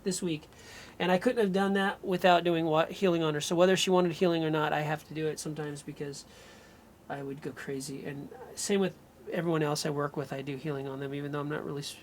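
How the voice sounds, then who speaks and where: A man's voice: fairly high pitch, steady tone, fast talker, slight background noise. A man working as an energy healer, thinking aloud and breaking off mid-sentence as he runs a live remote healing session. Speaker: radio show host.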